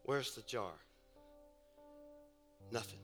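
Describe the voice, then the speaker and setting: A male pastor preaching a sermon in a church, moving from hushed storytelling asides to shouted preaching. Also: medium pitch, extremely slow. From Ohio, USA. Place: church sanctuary. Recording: church service with long reverb and faint music.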